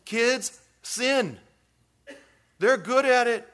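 A man preaching a sermon as pastor, talking conversationally with jokey asides and acting out little quotes. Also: drawn-out words. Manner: animated, acts out quotes with big pitch swings.

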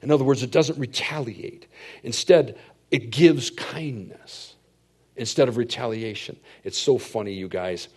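Animated middle-aged man preaching a sermon. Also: medium pitch, measured pace, breathy edge. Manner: animated storytelling, swinging from hushed asides to loud emphatic declarations. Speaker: pastor.

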